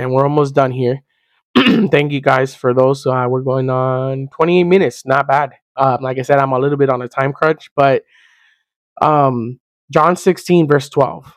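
Earnest man preaching, somewhat high voice. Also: dry recording. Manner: earnest, plain-spoken preaching with repetition. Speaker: Christian podcast host and teacher. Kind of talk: conversational sermon.

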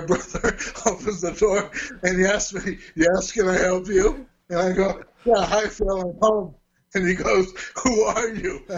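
A man's voice: high-pitched, highs cut off. Rambling older man telling stories. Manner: rambling, self-correcting, chuckles often. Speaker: interview guest. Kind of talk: casual storytelling.

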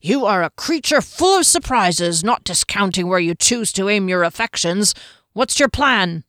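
A woman voicing a hearty, booming man warrior in a storybook reading. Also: lively intonation, normal speed, fairly bright tone, no echo, studio quality, close to an everyday voice.

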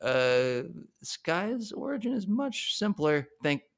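A man's voice: high-pitched, sing-song, slow pace. A man co-hosting a podcast, chatting casually, often repeating words and joking. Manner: hesitant, repeats words, jokey. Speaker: podcast co-host. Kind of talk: casual discussion.

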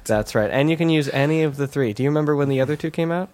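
Deadpan podcast host man. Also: fairly high pitch, racing, dry recording. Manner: deadpan, dry jokes. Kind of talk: casual chat over beers.

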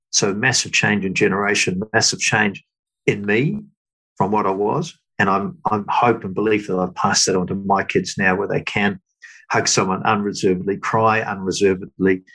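A middle-aged man talks slowly and thoughtfully in a low, gravelly voice. There is a husky grain to it. He often stops, restarts, and fills gaps with small words. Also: bright, forceful tone, low-quality recording. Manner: halting, thoughtful, many fillers and restarts. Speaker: guest. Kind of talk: reflective interview talk.

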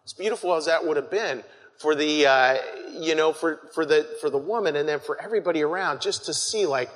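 A man's voice: on the high side, a little fast, a bit bright. A man preaching a conversational sermon, earnest and full of restarts, calling his listeners folks. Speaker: pastor. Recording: long hall reverb.

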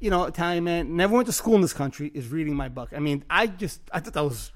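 A man's voice: a little high, expressive, quick pace. A man hosting a podcast and talking about his own book in casual chat, earnest and reflective, often restarting his phrases. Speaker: podcast host and author.

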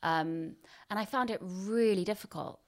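A woman's voice: mid-range voice, normal speed. A woman in her thirties in casual chat as co-host, rambling and self-deprecating.

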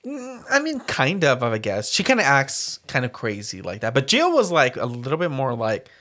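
Animated man gushing about a film. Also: medium pitch, moderate pace. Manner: animated, swears casually, acts out scenes. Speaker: podcast co-host. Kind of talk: casual chat reviewing a film.

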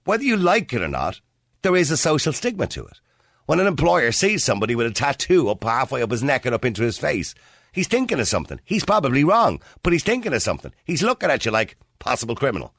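A man with a Dublin Irish accent hosting a radio phone-in, talking bluntly and forcefully, arguing his point. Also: medium pitch, huge pitch swings, fast, creaky, dry recording, clean studio sound. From Ireland (Dublin). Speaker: radio show host. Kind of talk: opinionated radio phone-in talk.

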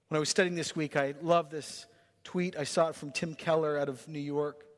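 A pastor delivers his sermon in short, rhythmic, emphatic bursts. His voice sits high for a man. The sound carries the long reverb of a big church hall. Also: fairly even intonation, normal speed. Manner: emphatic, punchy preaching in short rhythmic phrases. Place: church sanctuary.

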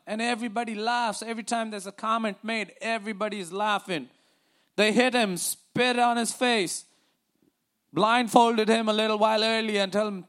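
A man preaching a sermon. He reads scripture deliberately, then talks through it conversationally with fillers and restarts. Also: high voice, fairly even intonation, fairly bright tone. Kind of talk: sermon with scripture reading and storytelling.

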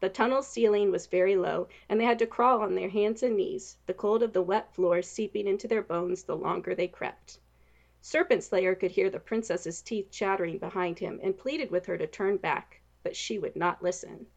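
A woman narrating a storybook in an expressive, even reading voice. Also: medium pitch, normal speed, creaky, muffled recording.

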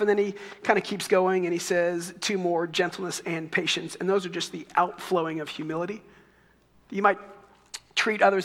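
A pastor with a Texan accent preaching a sermon in a conversational, storytelling way, with light asides. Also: male voice, high voice, a bit bright, in a large hall.

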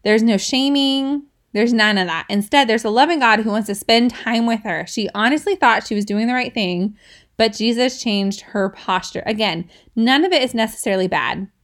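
She has a higher voice and speaks at a normal speed, hosting a casual devotional podcast as a woman in her thirties. Her teaching is chatty, broken up by laughter and by questions to listeners like "right?"

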